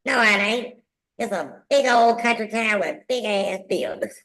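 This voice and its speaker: A man's voice: high voice, a little slow, fairly bright tone, voice pushed up. A man voicing a blunt old Georgia man who teases him. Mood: mocking.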